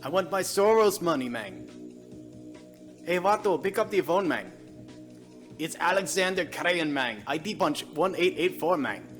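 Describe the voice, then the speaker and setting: A man's voice: a little high, sharp tone, full character voice. A man voicing a boastful male thug caller, leaving a prank voicemail and ending phrases with "man". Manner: boastful, repeats "man" after every phrase. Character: swaggering male thug caller with a fake Mexican accent.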